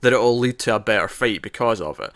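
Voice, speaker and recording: Guy rambling thru a tv episode recap, bright sharp voice, lots of restarts. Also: on the low side, fast talker. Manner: rambling, with frequent restarts and quoted lines. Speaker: podcast co-host. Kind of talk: casual TV review chat.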